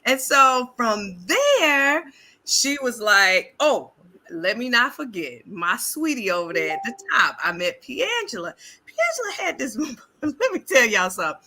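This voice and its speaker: A woman tells a story in a bright, ringing voice that swoops high and low. She laughs often and acts out each person's lines as she goes. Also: big pitch swings, moderate pace. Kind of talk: casual chat.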